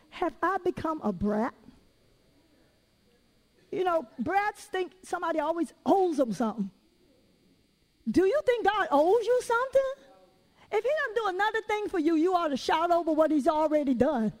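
A middle-aged woman with a Southern US accent preaching a sermon, animated and playful, calling out to the congregation and telling stories. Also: very high-pitched, fairly quick. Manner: animated, call-and-response, playful storytelling.

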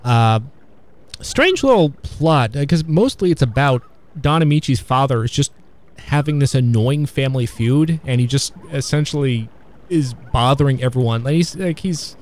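A man in casual conversation about old films, talking in a halting, rambling way with many fillers and restarts. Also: mid-range voice, lively intonation, a little mellow. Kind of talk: casual film discussion.

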